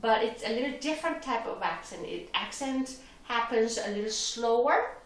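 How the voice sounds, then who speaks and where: A woman gives a violin lesson, patiently breaking it down step by step though her phrasing slips a little. Her fairly high voice has lively intonation at a moderate pace. Recorded from a distance and off the mic, the sound is roomy with violin in the background.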